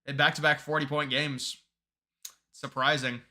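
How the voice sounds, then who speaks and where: Bright-voiced man chatting on a live stream. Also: a little high, level tone, a little slow. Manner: rambling, restarts sentences, reads chat aloud. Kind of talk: casual live-stream chat with viewers.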